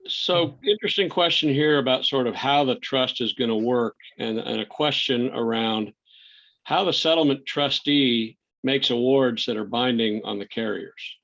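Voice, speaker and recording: A man's voice: medium pitch, moderate pace, a bit bright. A man moderating a town hall who reads out audience questions, with hesitant restarts. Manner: hesitant, repeats words. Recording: dull, muffled sound.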